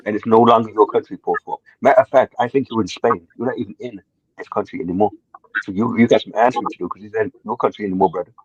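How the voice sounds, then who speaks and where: A man's voice: lowish voice, fairly even intonation, fast, breathy edge, dry recording. A man playing a cocky migrant caller who taunts the hosts and keeps calling them brother. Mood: taunting. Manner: provocative, taunting, calls others brother. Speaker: prank caller posing as a migrant. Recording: dull lo-fi dry call audio.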